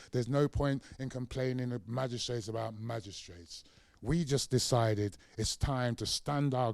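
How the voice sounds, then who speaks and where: A man's voice: medium pitch, no room sound. A middle-aged man giving a lecture, telling a personal story with lots of life and acting out the voices in it. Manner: animated storyteller, acts out quotes, varies loudness widely. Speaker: guest lecturer. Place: lecture hall.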